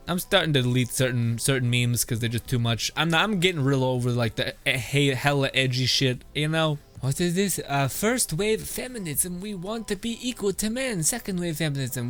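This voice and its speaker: A man riffs on memes in casual commentary, blunt and foul-mouthed, breaking into laughter often. His voice sits a little high and swings widely in pitch. Faint music plays underneath. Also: a bit bright. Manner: laughs a lot, swears freely, blunt. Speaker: streamer reacting to memes.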